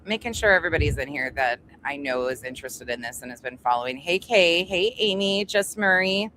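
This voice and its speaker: Low-pitched and sharp, her voice moves fairly quickly with lively intonation as she chats on a casual home livestream, greeting viewers individually and swearing freely. Rough recording; construction noise above.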